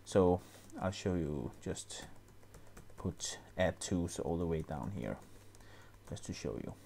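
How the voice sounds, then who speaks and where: A man explaining music software step by step, often pausing with fillers and restarting his sentences. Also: low-pitched, animated, creaky, slight background noise. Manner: hesitant, many fillers and restarts. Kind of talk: screen-recorded tutorial.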